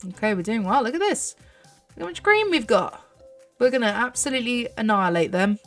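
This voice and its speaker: Woman, 30, British accent, fairly high voice, chatty gameplay commentary, bubbly and excitable, faint music behind. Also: fairly quick. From United Kingdom. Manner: chatty, bubbly, thinks aloud with gasps and squeals. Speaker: gaming channel host.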